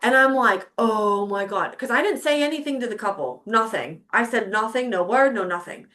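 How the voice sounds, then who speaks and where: Her voice sits fairly high, brisk and pushed, bright with lively intonation. The middle-aged woman, a podcast host, recounts a personal story in casual conversation, swearing openly as she plays out how she once reacted.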